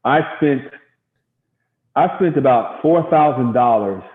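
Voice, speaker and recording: A middle-aged man from Gary, Indiana, a former baseball pitcher, telling stories in a casual interview and acting out quotes. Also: slow pace. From Gary, Indiana, USA. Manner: animated storyteller acting out quotes. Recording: echoey, tinny phone-like sound.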